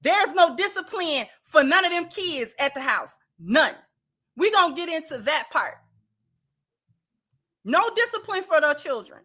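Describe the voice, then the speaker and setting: A woman hosts a casual commentary show and addresses her viewers directly. She is animated and emphatic and leans on slang. Her voice is very high and bright, with a sharp edge. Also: measured pace. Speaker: commentary channel host.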